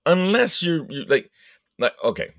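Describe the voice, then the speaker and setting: A man hosting a podcast, telling a rambling, profane comic story and putting on quick voices for the people in it. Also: fairly high pitch, big pitch swings, fairly bright tone, dry recording, studio quality. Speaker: podcast host. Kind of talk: casual comedic storytelling.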